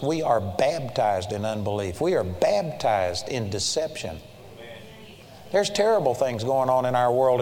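A man preaching a sermon, emphatic, swinging from loud stressed lines to low quiet asides. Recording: long hall reverb.

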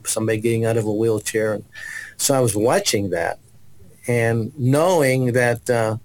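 Give me a man telling his testimony as a guest, animated and mid-pitched. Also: moderate pace, rough recording. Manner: animated storyteller, acts out voices, many restarts. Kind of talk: personal testimony.

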